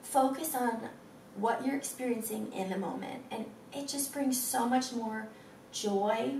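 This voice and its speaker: A woman's voice: fairly high pitch, measured pace, vocal fry, a little mellow, echoey room, distant mic. A woman in her thirties with a froggy, scratchy throat, guiding a stretching routine and chatting encouragingly between cues. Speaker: fitness instructor. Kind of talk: guided stretching with chatty asides.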